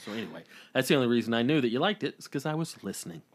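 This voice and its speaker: A man's voice: medium pitch, very animated, racing. A male comedian co-hosting a podcast, telling rambling anecdotes in casual chat, with frequent profanity.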